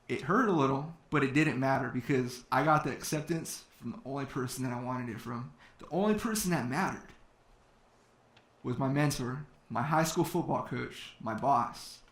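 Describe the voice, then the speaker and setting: The hall echoes as a man from California shares a personal story with an audience, filling it with fillers and playing out others' words in his own voice. His voice is mid-range and a bit bright.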